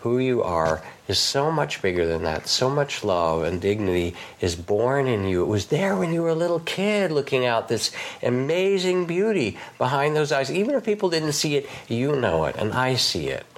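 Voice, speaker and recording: Gravelly, gentle meditation teacher man. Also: mid-range voice, very animated, normal speed, few pauses. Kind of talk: gentle guided reflection.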